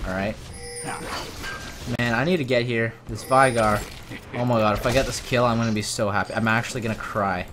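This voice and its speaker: A young man giving casual gameplay commentary, excitable and prone to loud shouts and cursing. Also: mid-range voice, fairly quick, noisy background. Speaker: gamer. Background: game music.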